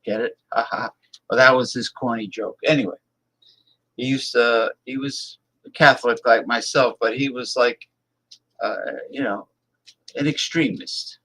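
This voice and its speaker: Man, political livestream host, blunt, emphatic, unhurried delivery, mid-pitched voice. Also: steady tone, bright, forceful tone, low-quality recording. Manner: blunt, emphatic, repeats words for effect. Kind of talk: casual political commentary, reading viewer messages.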